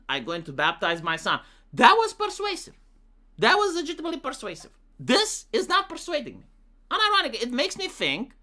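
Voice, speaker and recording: A man with a Romanian accent gives casual commentary on viewer comments. His voice is bright and lively, and he swings his pitch freely. He leans on "like" and pauses while he thinks aloud. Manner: talks with many "like" fillers, reads comments out in a mocking voice. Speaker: commentary YouTuber.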